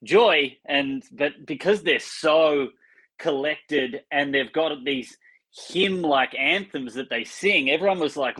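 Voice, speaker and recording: A man's voice: a little high, a little slow, fairly bright tone, low-quality recording. A man from Australia, chatting as a podcast guest and talking with many fillers. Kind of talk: casual chat.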